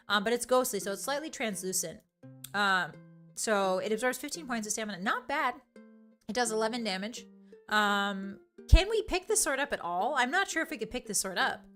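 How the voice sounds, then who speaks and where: Bright, playful young woman streamer. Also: mid-range voice, animated, brisk, soft background music. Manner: playful, giggly and teasing. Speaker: virtual streamer. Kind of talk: casual live-stream chat, reading out chat.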